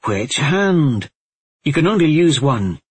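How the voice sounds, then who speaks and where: A man reading aloud, voicing a bossy, playful young girl who commands and teases, in a raised, higher voice. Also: very animated, moderate pace, husky, dry recording, full character voice.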